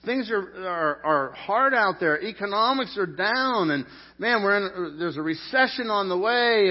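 A middle-aged man preaching a sermon in an animated, jokey way, with sudden loud peaks. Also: sits high, slightly rough. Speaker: pastor. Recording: dull lo-fi sound.

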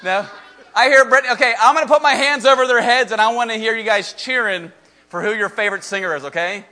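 A man's voice: very high-pitched, fast. A man hosting a live event, energetically calling out to the audience and running a contest. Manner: energetic, shouting to the crowd. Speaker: event host.

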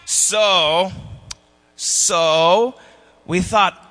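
A man's voice: high voice, drawn-out words, bright, forceful tone, faint music behind, full character voice. A man voicing a goofy, self-important Scottish rapper who rambles and laughs at his own jokes, with a Scottish accent. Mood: boastful. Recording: long hall reverb.

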